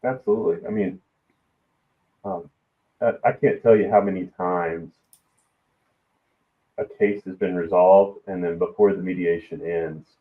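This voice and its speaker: Man, Southern American accent, low voice, hesitant and measured, tinny phone-like sound. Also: steady tone, far from the mic. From Alabama, US South. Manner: measured, hesitant, many pauses and fillers. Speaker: guest, risk management executive. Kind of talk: casual podcast conversation. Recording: tinny phone-like line in an echoey room.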